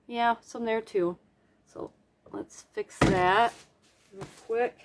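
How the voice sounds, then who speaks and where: A woman's voice: on the high side, fairly even intonation, slow pace, noisy background. A woman casually narrating her acrylic paint pouring at home, chatty and self-deprecating, with playful sound effects and humming. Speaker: craft vlogger.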